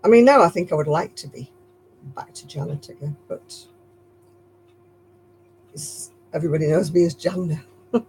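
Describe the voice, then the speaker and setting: A woman's voice: lowish voice, sing-song, moderate pace, pauses often, darkish tone, a little hiss or hum, rough recording. A woman with a Lancashire accent hosting a casual live stream while she crochets, chatty and rambling, chuckling at herself. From Lancashire, England.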